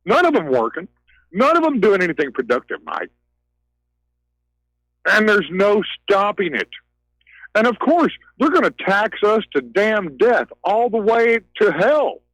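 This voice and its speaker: Agitated ranting man, high voice. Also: sing-song, measured pace, pauses often, fairly bright tone, no room sound, low-quality recording. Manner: agitated, ranting, repeats words. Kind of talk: heated talk radio call.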